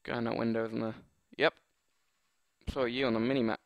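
A man's voice: medium pitch, level tone, fairly quick, gravelly, dry recording. A young man commentating live on his gameplay, joking, muttering and getting exasperated at opponents. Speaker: gaming commentator.

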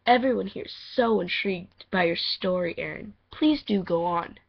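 A woman's voice: medium pitch, moderate pace, gravelly. Snarky young she-wolf, as a girl reads her. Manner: sarcastic, teasing. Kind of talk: amateur voice audition. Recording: muffled lo-fi home mic.

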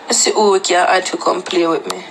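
A woman's voice: lowish voice, steady tone, brisk, vocal fry, a little hiss or hum. A woman with a Jamaican accent chatting casually on a livestream, rambling and repeating herself, mixing Patois into her talk.

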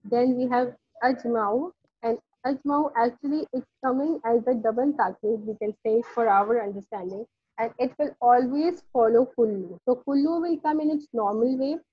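A woman teaching an online Arabic grammar class, explaining patiently with many pauses. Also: on the high side. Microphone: video call. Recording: dull lo-fi online call audio.

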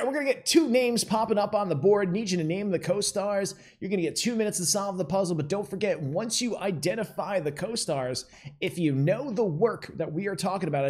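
A man's voice: high-pitched, a little mellow. A man hosting a live-streamed trivia game show, chatty and upbeat, talking straight to the players in the chat.

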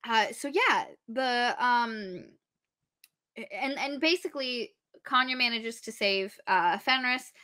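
A woman co-hosting a book podcast, retelling the plot in a casual, animated way, acting out characters' lines and swearing freely. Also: a little high, slow pace. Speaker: podcast co-host. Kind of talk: casual book review chat.

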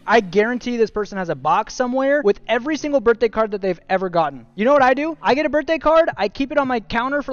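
A young man streaming, giving casual joking commentary as he rates viewers' gaming setups, often saying "dude" and "bro". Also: high-pitched. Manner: jokey, animated, says "dude" and "bro" a lot.

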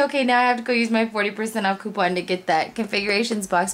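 A woman's voice: mid-range voice, a little fast, gravelly, hardly any pauses, slight background noise. Gushing young woman unboxing. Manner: gushing and excitable, gasps and repeats "oh my gosh". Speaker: crafting vlogger. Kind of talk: casual unboxing chat to camera.

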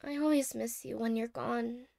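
A woman's voice: a little high, steady tone, normal speed, gravelly. A woman playing a clingy, stammering girlfriend, whispered role-play. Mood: tender, wistful. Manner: soft-spoken, stammering, apologetic. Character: clingy anxious young woman, a doting girlfriend. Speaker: ASMR role-play creator.

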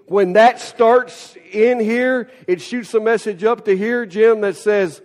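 A male pastor delivers a sermon in a lively, chatty way, often turning to the congregation with quick questions and asides. His voice sits fairly high for a man. The long reverb of a church hall trails after his words. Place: church sanctuary.

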